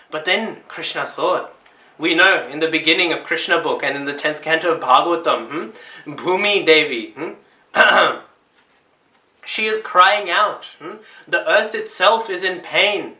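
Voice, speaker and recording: Bright-voiced man teaching a scripture class. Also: fairly high pitch, echoey room. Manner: storytelling lecture, often ends remarks with "hmm?"; acts out short quoted cries and thoughts. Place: temple.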